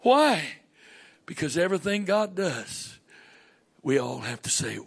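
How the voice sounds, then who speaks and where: A gravelly-voiced preacher with a Southern US accent, his pitch leaping high and dropping low as he preaches. He takes his time, then bursts into shouted lines before sinking to a near-whisper. A middle-aged man. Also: very animated, a little slow, long pauses. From southern United States. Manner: swings between shouted emphasis and hushed near-whispers. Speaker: pastor. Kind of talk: sermon.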